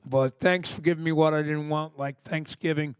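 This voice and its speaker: A man's voice: fairly high pitch, steady tone, moderate pace, clear, resonant tone, dry recording, clean studio sound. A man in his sixties, a punk singer, telling stories in a rambling, enthusiastic way during a live interview before an audience. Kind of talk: casual live interview talk. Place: library music department before an audience.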